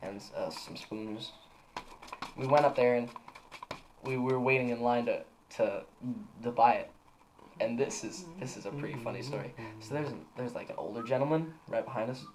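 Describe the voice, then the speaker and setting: A man's voice: mid-range voice, moderate pace, slight background noise, poor audio. A young man co-hosting a podcast, telling a story in rambling casual chat with lots of fillers and restarts. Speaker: podcast co-host.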